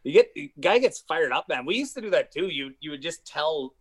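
A man's voice: on the high side, fairly quick. A man with a wife and kids, guest on a podcast, telling stories in loose, profane, rambling casual chat. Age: adult with a wife and kids. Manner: profane, rambling, animated storyteller.

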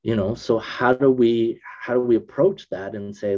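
A man in casual conversation, thinking aloud with restarts, usually subdued but getting emphatic when excited. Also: mid-range voice, moderate pace, few pauses, dull audio.

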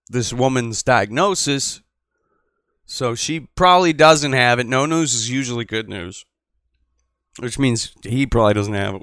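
Brief: brash male call-in host, bright forceful voice, profane rambling delivery, dry close sound. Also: medium pitch, smooth, no room sound. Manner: rambling, profane, swings from mutter to loud. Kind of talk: profane casual call-in show.

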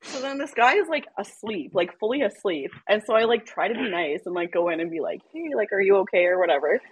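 Husky-voiced woman telling work stories. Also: mid-range voice, quick pace. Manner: animated storyteller, laughs often. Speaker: EMS worker. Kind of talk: casual podcast chat.

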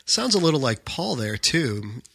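A man's voice: medium pitch, sing-song, unhurried, vocal fry, fairly bright tone, husky, no echo, clean studio sound. A man from the United States talking earnestly in a casual chat, with lots of "you know" fillers. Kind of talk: casual chat about faith and books.

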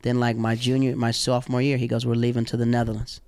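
A young man from the American South telling animated, slangy stories in casual chat, acting out the people he quotes. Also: medium pitch, fast talker, clear, resonant tone, no echo.

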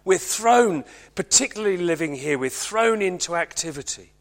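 A high-voiced man gives a Christmas sermon to his congregation. His delivery is earnest, and he often slows and drops to a hush to press a point home. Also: animated. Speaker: preacher.

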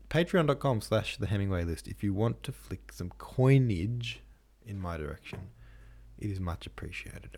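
Man, podcast host, novel reading, very low pitch, casual asides. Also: darkish tone. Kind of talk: reading a classic novel aloud.

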